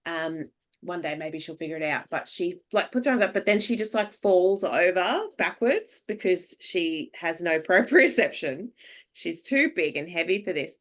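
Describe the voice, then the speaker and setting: Lively Australian woman telling a story. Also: on the low side, normal speed. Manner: lively anecdotes, acts out what people said, laughs often. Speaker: podcast host. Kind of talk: casual chat, animated storytelling.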